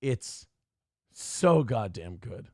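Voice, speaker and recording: A man's voice: medium pitch, big pitch swings, extremely slow, dry recording, studio quality. A man hosting a live-stream commentary show, talking in a sarcastic, profane, mocking way. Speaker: show host.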